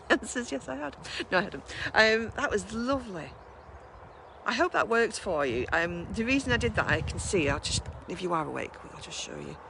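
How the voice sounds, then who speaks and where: A woman's voice: lowish voice, big pitch swings, fairly quick, vocal fry, noisy background. A woman hosting a mindfulness session, chatting casually after a guided meditation and laughing often at herself.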